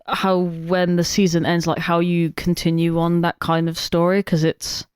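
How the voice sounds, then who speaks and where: A young co-host, mid-pitched and animated, who swears freely and keeps restarting sentences. The voice is recorded dry and close, with no room sound. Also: moderate pace, smooth, no echo. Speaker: podcast co-host. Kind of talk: casual film chat.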